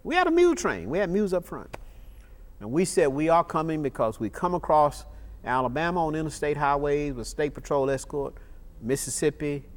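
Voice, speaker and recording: A man's voice: fairly high pitch, moderate pace. A man, recounting events in an oral history interview, emphatic and fond of repeating key phrases. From Georgia, USA. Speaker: interviewee, state legislator.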